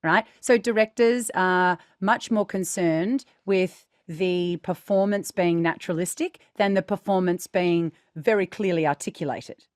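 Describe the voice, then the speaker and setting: A woman's voice: lowish voice, measured pace, hardly any pauses, dry recording, studio quality. Woman voice teacher, explaining with hedges. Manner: explanatory, hedging with "you know" and "like". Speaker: podcast co-host, voice teacher. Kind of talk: casual chat.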